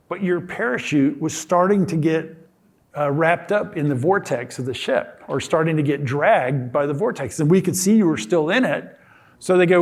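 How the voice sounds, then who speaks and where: An older man talks to an audience in a lecture hall. His voice sits a little high for a man. He tells his story casually and with self-amusement, stumbling and restarting and acting out what others said. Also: darkish tone. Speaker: guest speaker. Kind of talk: storytelling talk.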